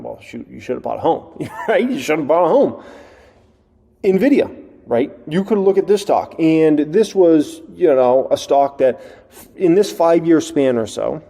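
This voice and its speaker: A man in his thirties hosting an investing talk, lively and emphatic, often mimicking what a worried investor might think. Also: fairly high pitch, measured pace, gravelly. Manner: animated, acts out imagined investors' thoughts. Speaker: investing show host. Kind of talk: casual finance talk. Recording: long hall reverb.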